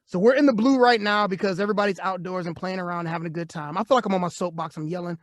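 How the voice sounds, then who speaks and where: A man with a notably high voice co-hosts a live chat show. He rants with animated energy and laughs often. The sound is close and dry, with no room around him. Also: dry recording. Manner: animated and ranting, quick to laugh. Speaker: co-host.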